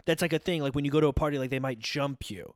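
A man's voice: a little high, quick pace, no echo, studio quality. A young man from southern California in casual chat, rambling and full of "like" and restarts. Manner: rambling, filler-heavy, many restarts with "like".

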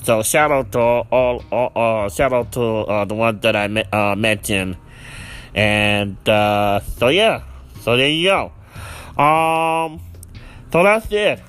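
A man's voice: medium pitch, slow, clear, resonant tone. Rambling man chatting casually. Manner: rambling, with many fillers and restarts; lively, laughs often. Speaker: podcast host. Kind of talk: casual solo chat.

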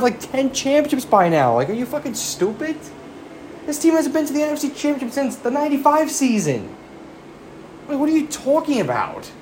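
A man's voice: very high-pitched, a little mellow, a little hiss or hum. A man giving a profane, exasperated sports rant as a fan commentator, firing off rhetorical questions.

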